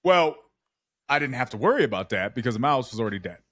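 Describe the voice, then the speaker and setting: Lively, slangy podcast guy, voice swings up and down a lot, dry close sound. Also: mid-range voice, fast, no echo. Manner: animated storyteller, slangy. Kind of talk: casual podcast chat.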